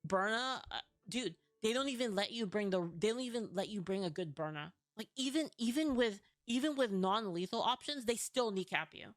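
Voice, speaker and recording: A woman's voice: mid-range voice, expressive, moderate pace, few pauses, no echo. A young woman from California telling a story in a casual vlog, ranting, full of fillers and swearing. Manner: profane, filler-heavy, ranting.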